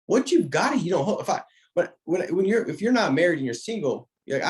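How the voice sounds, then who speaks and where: A man with a somewhat high voice delivers a motivational talk in an emphatic, preacher-like rhythm. He repeats key phrases for weight, restarts sentences often and speaks straight to his listener. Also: very animated, brisk, slight background noise. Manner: frequent restarts, speaks directly to a listener by name. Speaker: insurance sales trainer.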